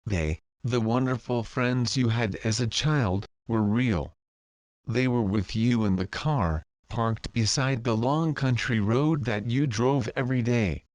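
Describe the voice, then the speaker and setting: A man narrating a spiritual story in the second person, calm and measured. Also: mid-range voice, no room sound. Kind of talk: slow guided narration.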